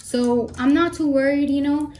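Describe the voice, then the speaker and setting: A woman's voice: sits high, fairly even intonation, normal speed, warm tone, a little hiss or hum. A young woman chatting casually while doing her makeup, a little out of breath, rambling with playful asides. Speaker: makeup vlogger. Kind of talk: casual get-ready-with-me chat.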